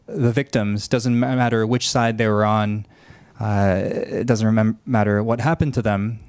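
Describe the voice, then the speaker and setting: A man speaking as a panelist, reflective and halting, with many fillers as he gathers his thoughts. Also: on the low side, a little mellow, clean tone, no echo. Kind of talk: panel discussion remarks.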